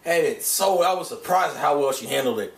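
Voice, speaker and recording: A young man ranting excitedly about an anime dub, swearing a lot and often restarting his sentences. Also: on the high side, fairly quick, gravelly. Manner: profane, animated, gushing with restarts. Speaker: vlogger reviewing an anime dub. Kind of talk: casual excited rant. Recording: echoey room, mic set back.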